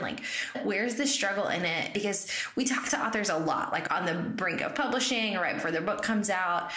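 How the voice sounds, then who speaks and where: A woman's voice: lowish voice, a bit bright. A woman hosting a podcast, chatting in an upbeat, encouraging way. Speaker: podcast host. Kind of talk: casual podcast conversation. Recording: echoey room.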